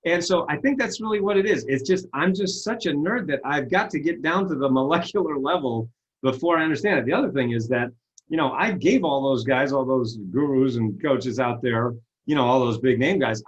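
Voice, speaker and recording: Over a lo-fi video call, a success coach appears as a guest in a casual interview. His medium-pitched voice is brisk and a bit rough as he tells earnest, self-deprecating stories full of animated retellings.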